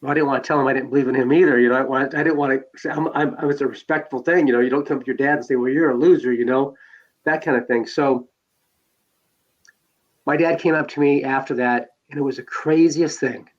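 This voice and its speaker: A man's voice: mid-range voice, fairly even intonation, fairly quick. Rambling man telling his life story. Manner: rambling storyteller, many fillers and restarts. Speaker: podcast guest. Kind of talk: personal life story told in conversation. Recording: dull lo-fi sound.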